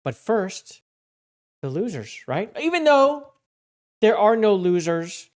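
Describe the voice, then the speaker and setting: A woman's voice: medium pitch, very animated, slow pace, a little mellow. Rambling, sarcastic woman hosting an award show. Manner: rambling, sarcastic, mock-panicked asides.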